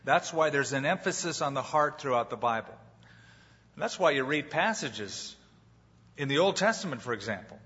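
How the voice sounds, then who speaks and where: A man's voice: fairly high pitch, lively intonation, moderate pace, sharp tone, husky. A man preaching a sermon as pastor, dramatic and acting out the people he quotes. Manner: dramatic, acts out quoted voices. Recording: muffled hall recording with long reverb.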